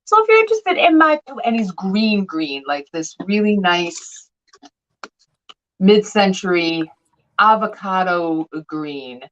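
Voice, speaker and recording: A woman's voice: medium pitch, very animated, slow, fairly bright tone, lo-fi sound. A woman selling vintage glass on a live sale, chatting and telling stories with playful voiced quotes.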